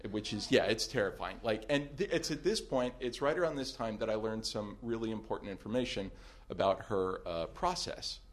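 A man's voice: fairly low pitch, moderate pace. Wry man telling a story. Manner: animated, wry, swings from hushed to loud. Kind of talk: comic personal storytelling.

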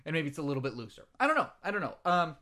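A man's voice: a little high, very animated, racing, bright, forceful tone. English guy hosting a comedy podcast, rambly, lots of ums and uhs. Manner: rambling, hesitant, lots of fillers. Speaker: podcast host.

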